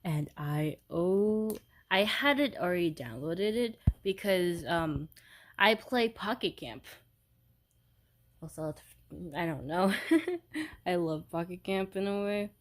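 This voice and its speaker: A young woman talks through a casual at-home unboxing, filmed on her phone. Her voice sits a little low and she speaks slowly, drifting between thoughts with frequent giggles and little fillers. She sounds giddy with delight the whole way through. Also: animated. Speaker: vlogger. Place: upstairs room at home. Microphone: phone held by the speaker.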